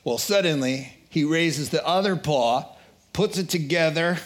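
A man preaching a sermon, telling a joke and acting out the characters in quotes with an animated delivery. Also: a little high, measured pace.

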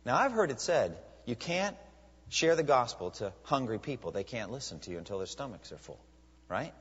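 Husky man preaching in a reverberant hall. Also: medium pitch, moderate pace. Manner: animated preaching with rhetorical questions. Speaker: pastor. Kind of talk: sermon. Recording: dull lo-fi sound with long hall reverb.

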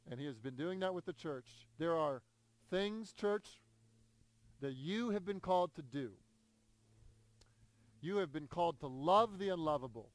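Animated, smooth-voiced male preacher. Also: a little high, unhurried, pauses often, no room sound. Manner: conversational, animated, repeats words when excited. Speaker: pastor. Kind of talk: sermon.

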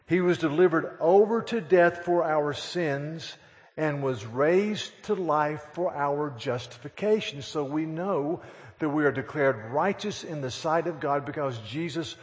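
A man's voice: on the high side, a little slow. Preacher man in a reverberant hall. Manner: storytelling preacher, dramatic reading of scripture. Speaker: pastor. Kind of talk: sermon.

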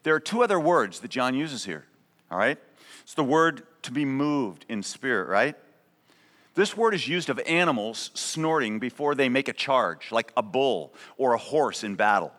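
A man's voice: mid-range voice, animated, normal speed, fairly bright tone. A man preaching a sermon as pastor, conversational and emphatic, often checking in with a "right?". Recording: long reverb of a large hall.

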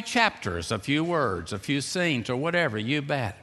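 Man, sermon, bright voice, hushed to loud, echoey church hall. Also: mid-range voice. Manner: swings from hushed and slow to loud, excited preaching. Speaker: preacher. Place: church sanctuary. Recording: long reverb of a church hall.

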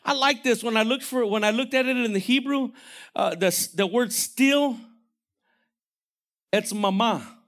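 A man preaching a sermon as pastor, animated, swinging from shouted lines to hushed, near-whispered ones. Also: very high-pitched, normal speed.

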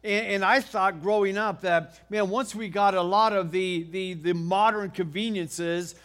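A middle-aged American man preaching a sermon, telling a homey story in a folksy, animated way with frequent restarts. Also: high-pitched, unhurried. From United States. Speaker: pastor.

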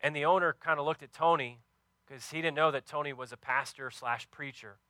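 Earnest storytelling preacher, bright crisp voice. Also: male voice, fairly high pitch, fairly quick, no room sound. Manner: earnest storytelling with many fillers. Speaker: pastor. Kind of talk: sermon.

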